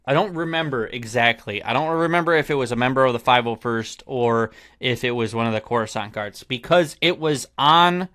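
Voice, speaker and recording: A man's voice: medium pitch, a little fast, few pauses, sharp tone. A man hosting a podcast in casual chat, rambling and often trailing off to restart his thought. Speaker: podcast host.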